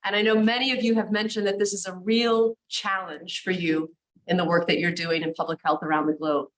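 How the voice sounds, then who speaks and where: A woman's voice: mid-range voice, a bit bright, low-quality recording. A woman moderating a conference session, welcoming the audience and introducing a speaker with enthusiasm.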